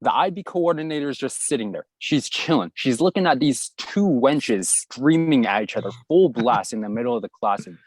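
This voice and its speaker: A young man in his twenties telling a school story in a casual, animated way, playing out the voices of the people in it. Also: mid-range voice, moderate pace, few pauses, no room sound. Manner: animated anecdote telling, acts out quoted voices. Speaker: guest YouTuber.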